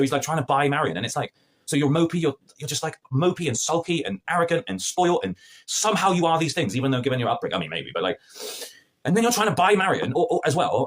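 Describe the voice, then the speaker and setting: A man reviewing a TV episode to camera in an exasperated, sarcastic, slangy rant. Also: medium pitch. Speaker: film and TV reviewer.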